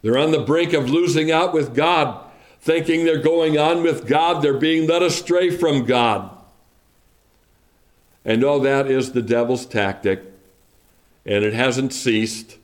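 A man preaching a sermon to his congregation, speaking deliberately and building emphasis through repetition. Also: medium pitch. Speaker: pastor.

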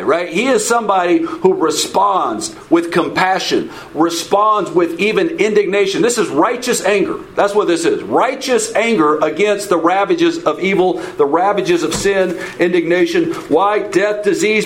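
High-voiced man teaching a Bible study. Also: fairly bright tone, poor audio. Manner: informal, repeats words, checks in with "okay?"; asks the audience questions.

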